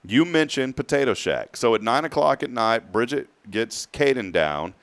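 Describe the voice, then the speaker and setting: A man's voice: medium pitch, animated, moderate pace, no echo. A man hosting a morning talk show, rambling through stories and laughing often. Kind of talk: casual chat.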